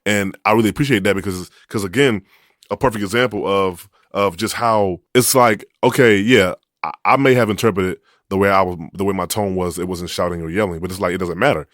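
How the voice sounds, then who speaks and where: A man co-hosting a couples podcast, talking in a relaxed, loose way, full of restarts and casual slang. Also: sits low, fairly quick, dry recording, clean studio sound. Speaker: podcast co-host. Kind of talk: casual chat.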